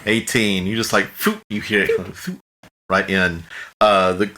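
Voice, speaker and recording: A man's voice: fairly low pitch, fairly even intonation, measured pace, pushed and bright. A man narrating a tabletop game as game master in a casual, rambling way, slipping into brief character voices.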